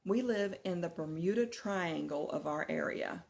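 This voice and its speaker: Casual vlogger, middle-aged woman from Texas with a lower voice, lively and laughing while telling a story. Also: normal speed, vocal fry. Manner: animated, laughing retelling of a nightmare.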